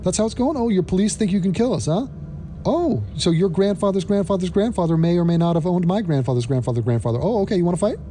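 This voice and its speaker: A man's voice: high-pitched, animated, quick pace, warm tone, voice pushed up. A man voicing an angry, confrontational male black cat who taunts and mocks, in a comedic commentary video. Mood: taunting. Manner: confrontational, mocking.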